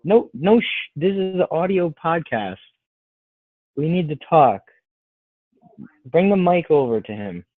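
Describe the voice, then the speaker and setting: A man co-hosting a podcast talks in a playful, pushy way. His pitch sits a little high, and the recording is dry and thin, like a phone line. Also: big pitch swings, a little slow, long pauses, dry recording. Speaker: podcast co-host. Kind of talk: casual podcast chat. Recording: dry tinny phone-like audio.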